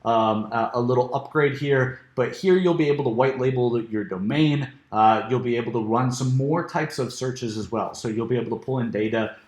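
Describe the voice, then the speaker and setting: A man talks his way through a software demo in a loose, casual way, stumbling over restarts and fillers. His voice is a little worn, as if he is losing it. The recording has a noticeable room echo. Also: mid-range voice, moderate pace, hardly any pauses. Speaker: software reviewer. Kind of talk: screen-share software walkthrough. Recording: echoey room.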